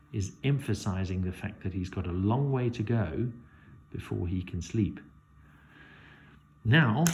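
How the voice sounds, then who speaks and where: A man teaching a poetry lesson, measured and thinking aloud as he works through a poem. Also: fairly low pitch, gravelly, a little mellow, slight background noise.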